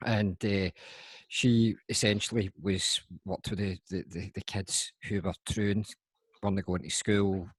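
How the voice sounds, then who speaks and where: A Glaswegian man with a husky, fairly low voice tells a story, stumbling and restarting with amusement. The sound is close and dry. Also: steady tone, no room sound. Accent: Glaswegian Scottish. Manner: halting, amused anecdote telling. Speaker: podcast host, mental health nurse. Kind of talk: casual storytelling.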